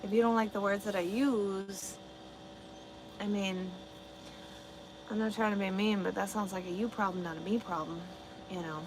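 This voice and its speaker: Woman trucker livestreamer, blunt and profane, mid-pitch, noisy background. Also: fairly even intonation, moderate pace, pauses often. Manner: blunt, swears a lot, talks back to chat. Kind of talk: casual livestream chat reading comments.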